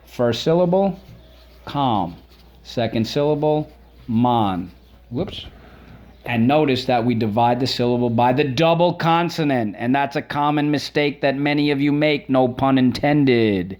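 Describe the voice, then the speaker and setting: A man's voice: mid-range voice, measured pace, darkish tone, lo-fi sound. A middle-aged man teaching a spelling lesson to children, repeating words and sounding out their syllables.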